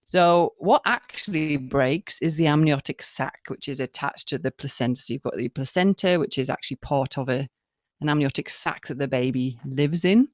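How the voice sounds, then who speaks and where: A woman's voice: low voice, normal speed, no echo, clean studio sound. A woman midwife co-hosting a podcast, explaining things plainly and laughing easily. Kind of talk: podcast conversation.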